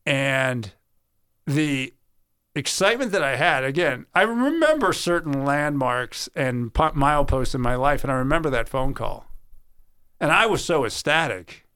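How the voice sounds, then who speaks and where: A man's voice: mid-range voice, a little slow, smooth. A middle-aged man, a sportscaster, telling earnest stories from his career in an interview. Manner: earnest, animated storyteller who acts out quoted voices. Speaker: sportscaster guest. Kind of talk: interview storytelling.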